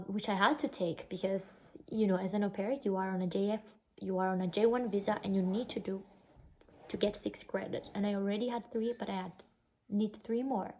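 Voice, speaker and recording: A woman's voice: medium pitch, darkish tone, rough recording. A young woman from Italy with an Italian accent, telling a painful personal story in a casual vlog, full of "like" fillers. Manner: emotional, recounting a bad experience, lots of "like" fillers. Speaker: vlogger.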